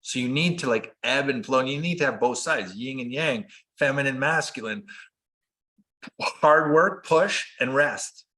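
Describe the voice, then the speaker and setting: Bright-voiced man telling his story earnestly. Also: medium pitch, a little slow. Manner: earnest, animated, acts out quoted dialogue. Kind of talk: conversational storytelling.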